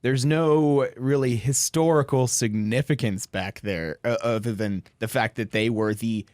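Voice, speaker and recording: A man's voice: medium pitch, a little slow, darkish tone, no echo, clean studio sound. A young man in a casual radio panel chat, musing aloud and restarting his sentences often.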